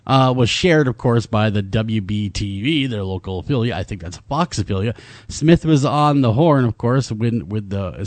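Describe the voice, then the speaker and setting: A male talk show co-host with a lively, swinging voice that sits fairly high. He jokes around and reads news out loud in an animated way. The sound is close and dry. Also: dry recording. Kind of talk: casual radio-style chat.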